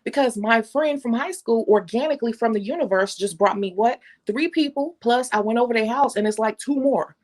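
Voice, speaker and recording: A nail technician hosting her channel chats casually with viewers and reads live comments, speaking a little fast in a fairly high voice with hardly any pauses. Candid and blunt, she tells animated stories full of slang and the occasional curse.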